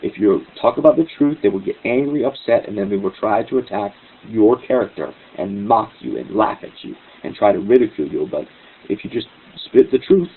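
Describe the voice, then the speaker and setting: A man with a fairly low voice hosts a talk show, telling a story with animated indignation. The sound is thin and phone-like, with faint hiss underneath. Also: fairly quick. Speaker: host.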